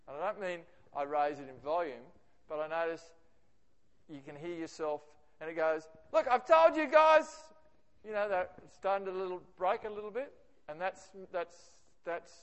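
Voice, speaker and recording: Australian man presenting in a hall. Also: fairly high pitch. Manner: animated, acts out quoted remarks. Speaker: workshop presenter for teachers. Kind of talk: conversational presentation. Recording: reverberant hall.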